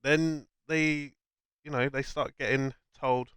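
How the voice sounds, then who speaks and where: Young man, casual film chat, enthusiastic, run-on explaining, smooth clear voice, dry sound. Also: medium pitch, fairly even intonation, slow pace, a bit bright, no room sound. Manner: enthusiastic, explains ideas in long run-on chains. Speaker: co-host.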